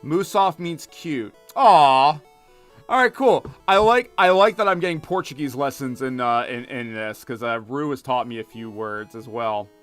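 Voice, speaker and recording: A man's voice: mid-range voice, normal speed, hardly any pauses, fairly bright tone, soft background music. A young man with a Philadelphia accent, chatting casually with viewers while playing a game, rambling with lots of fillers and restarts. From Philadelphia area, United States. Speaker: gaming streamer. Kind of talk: casual live-stream chat while playing.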